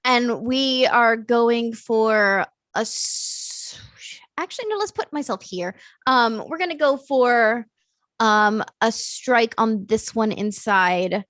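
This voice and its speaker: A woman playing a tabletop game, chatty and hesitant with many ums, breaking into excited bursts. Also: on the high side, takes it slowly, no room sound. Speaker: player. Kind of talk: casual tabletop play.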